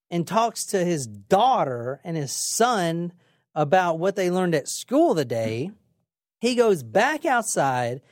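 Lively, blunt woman telling a crime story. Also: medium pitch, no echo, clean studio sound. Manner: casual, blunt, swears, lively retelling. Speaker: podcast host.

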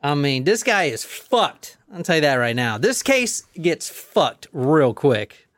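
A man's voice: a little high, huge pitch swings, slow, a bit bright, no room sound, studio quality. A man hosting a casual true-crime chat, laid-back, swearing and laughing often. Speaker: host.

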